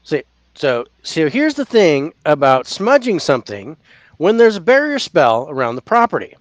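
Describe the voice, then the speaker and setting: A podcast co-host with a high voice that swoops up and down as he tells a story. He acts out his own shocked outbursts. The sound is close and dry, with no room behind him. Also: very animated, moderate pace, no room sound. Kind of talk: casual paranormal podcast chat.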